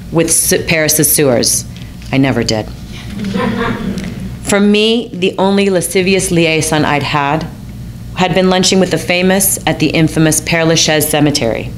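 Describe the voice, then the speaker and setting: A woman's voice: deep voice, slight background noise. An American woman telling a personal story in a wry, self-mocking, theatrical manner. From United States.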